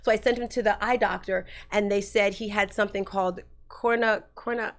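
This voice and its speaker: A woman's voice: medium pitch, fairly even intonation, a little fast. Middle-aged woman guest, candid rambling storyteller. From New Jersey. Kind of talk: casual storytelling.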